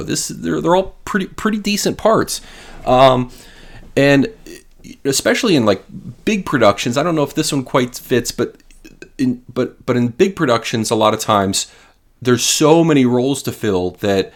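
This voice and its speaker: A man's voice: mid-range voice, vocal fry. Chatty, encouraging man hosting an interview. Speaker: interview host. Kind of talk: casual interview chat.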